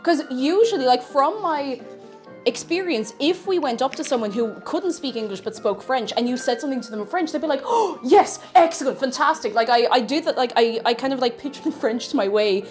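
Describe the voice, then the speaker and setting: A woman's voice: high voice, a little fast, darkish tone, faint music behind. A woman telling self-mocking anecdotes in a casual live stream, with many fillers.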